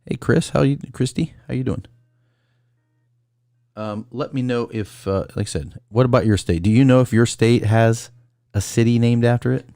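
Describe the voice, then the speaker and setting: A man's voice: medium pitch, normal speed, warm tone, no echo, clean studio sound. A man hosting a casual call-in livestream, rambling through a list and greeting viewers by name. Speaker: call-in show host.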